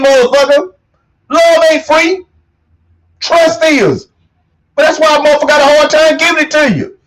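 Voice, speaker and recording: A man hosting his own show, delivering a loose motivational monologue, swearing a lot and repeating catchphrases, punching key lines loudly. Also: very high voice, poor audio. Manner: preachy, swearing, repeats "you know what I'm saying", punches lines loudly. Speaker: show host.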